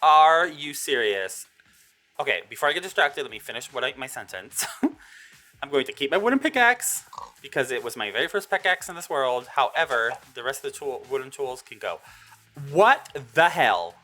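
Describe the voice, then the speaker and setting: Young female gaming host, animated and excitable, big dramatic reactions over light music. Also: very deep voice, fairly quick. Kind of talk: survival game commentary.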